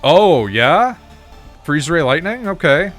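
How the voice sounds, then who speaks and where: A man's voice: on the high side, big pitch swings, slow, fairly bright tone, soft background music. A man casually commenting on a game he is playing while chatting with his viewers, loose and profane. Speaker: streamer.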